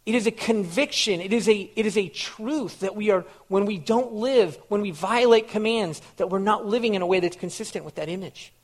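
A male pastor preaching a sermon in an earnest way, repeating phrases and putting questions to his listeners. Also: high voice.

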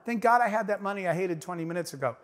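A man's voice: high-pitched, lively intonation, very fast. A middle-aged man telling a story as a motivational speaker, talking emphatically and directly to his audience. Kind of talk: inspirational stage talk. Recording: long hall reverb.

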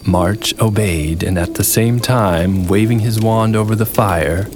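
A man narrating a fairy tale in a gentle, unhurried storybook reading. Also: on the low side. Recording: narration over clear background music.

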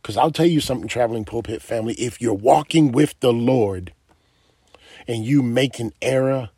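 A man's voice: medium pitch, normal speed, warm tone, breathy edge, no echo, studio quality. A man preaching a sermon, emphatic and asking his listeners direct questions.

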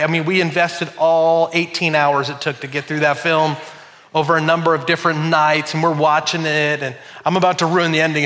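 A middle-aged man preaching a sermon as pastor, telling stories with animated, shouted quotes. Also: on the high side.

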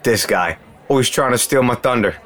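A man acts out a cocky impostor bartender, animated and teasing. His pitch swings widely, and a faint crowd murmurs behind him. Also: close to an everyday voice. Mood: playful. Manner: animated, teasing, quick phone banter. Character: cocky male fake bartender, playful.

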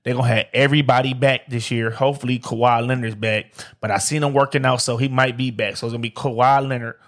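A man's voice: mid-range voice, fairly even intonation, quick pace. A man from Detroit hosting a solo sports podcast, talking in a loose, slangy way and often repeating "like I said" and "man". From Detroit, USA. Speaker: podcast host. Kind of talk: casual solo sports talk. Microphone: streamed live on camera.

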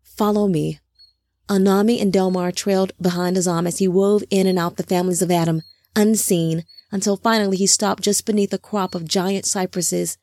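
A woman narrating a fantasy audiobook in a steady, even reading voice. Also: medium pitch, fairly quick, no echo.

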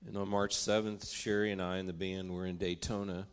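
A man's voice: sits low, level tone, brisk, clear, resonant tone. An older man giving a heartfelt testimony in church, telling the story with earnest storytelling. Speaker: preacher. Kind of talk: testimony from the pulpit. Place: church stage.

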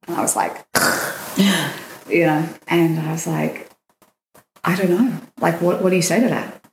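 A woman's voice: lowish voice, unhurried, roomy sound, a little hiss or hum. A woman guest on a podcast, telling a personal story with feeling and acting out the lines of the people in it. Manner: animated, acts out quoted dialogue. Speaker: dating coach guest.

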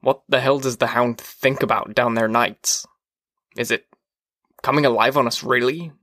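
A man voicing an uneasy, brooding fireman in an audiobook reading, hesitant and quiet. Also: medium pitch, steady tone, normal speed, no room sound, clean studio sound, natural voice.

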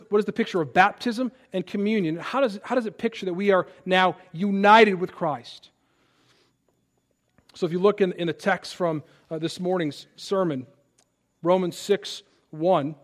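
High-voiced earnest man preaching. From Illinois, USA. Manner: earnest, emphatic preaching with repeated words. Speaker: pastor. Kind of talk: sermon.

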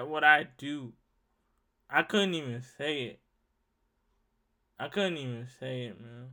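A young man from Louisiana in his twenties rants through a solo podcast, swearing freely and telling stories with animated heat. His voice sits high for a man and cuts through with a piercing, tense brightness. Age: 20s. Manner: animated, profane, heated storytelling. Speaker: podcast host. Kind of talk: ranting solo monologue.

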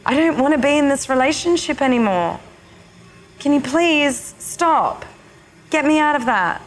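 A woman voicing her own neglected inner feminine self, an angry woman who swears and shouts her demands. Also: high-pitched, lively intonation, measured pace, pitched above the performer's own voice. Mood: hurt pleading.

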